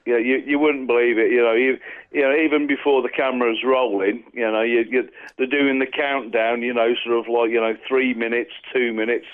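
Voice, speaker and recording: An enthusiastic man called in as a podcast guest, heard through a thin, tinny phone line. His voice sits at an ordinary mid pitch for a man. He rambles cheerfully and fills his sentences with "you know". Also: level tone, fairly quick. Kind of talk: casual chat.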